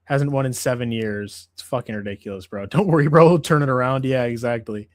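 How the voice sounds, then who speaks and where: A man's voice: medium pitch, fairly quick, dry recording. A man hosting a casual MMA livestream, ranting in a profane, exasperated way. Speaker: MMA show host.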